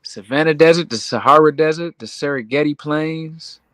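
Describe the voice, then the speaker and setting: A man's voice: a little high, moderate pace, a bit bright, no echo. A man in easygoing casual chat, slangy with "uh" fillers. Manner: laid-back slangy talk with fillers.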